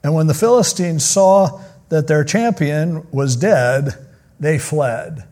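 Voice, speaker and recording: A man's voice: on the high side, slow pace, a little mellow. Joking man preaching a sermon. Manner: casual, joking storyteller who acts out quotes. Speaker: pastor. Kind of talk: sermon retelling a Bible story.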